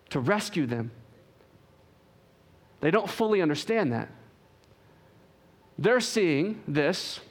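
A man preaching with a high voice. He swings from punchy, raised emphasis to quiet, slowed-down phrases, with a dramatic sermon delivery. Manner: dynamic preaching, swings from loud emphasis to hushed drawn-out phrases.

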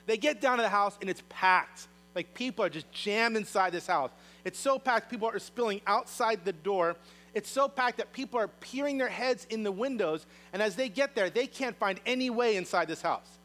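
A man preaching a sermon, telling a story in a lively way and acting out the characters' lines in voices. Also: high voice, normal speed, low-quality recording. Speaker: pastor.

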